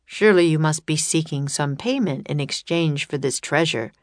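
A woman voicing a man of the court, described as deep and gruff, in a storybook reading. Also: normal speed, no echo, close to an everyday voice. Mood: probing.

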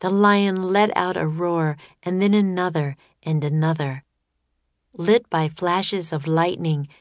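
A woman reading a children's adventure story aloud in a steady, scripted narration. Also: low-pitched, no echo. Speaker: audiobook narrator.

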